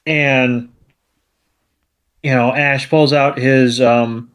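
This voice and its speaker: Laid-back man recapping slowly. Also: medium pitch, steady tone, smooth. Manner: laid-back, many fillers. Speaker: podcast co-host. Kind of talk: casual episode recap.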